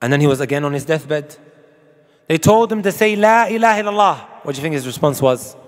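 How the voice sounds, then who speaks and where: A man's voice: fairly high pitch, lively intonation, fast talker, long reverb tail. A man preaching a sermon to an audience, emphatic and full of rhetorical questions, with Arabic quotations. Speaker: Islamic preacher.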